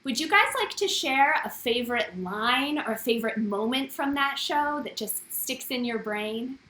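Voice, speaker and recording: A woman's voice: a little high, animated, moderate pace, sharp tone. An American woman with a cheerful, welcoming manner, hosting a family story time over a video call. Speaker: host. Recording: roomy echo.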